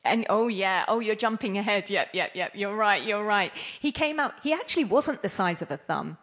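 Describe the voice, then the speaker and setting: A woman's voice: mid-range voice, animated, moderate pace, fairly bright tone. A woman giving an interactive scripture class, playful and laughing often as she quizzes her listeners. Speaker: class speaker.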